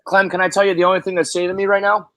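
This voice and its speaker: A man's voice: high-pitched, level tone, very fast, bright, forceful tone, dry recording. A man hosting a casual sports podcast from an office, profane and exasperated as he talks. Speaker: podcast host.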